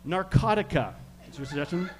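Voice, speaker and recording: Canadian guy doing stage hypnosis, kinda high voice, slow soothing suggestions, chuckles a lot. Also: lively intonation, a little mellow. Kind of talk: live hypnosis demonstration.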